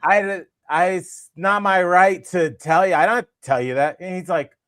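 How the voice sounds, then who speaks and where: With a high voice and measured pace, a man in his forties rambles animatedly through an anecdote full of fillers as co-host of a comedy podcast. The audio is studio quality and free of echo.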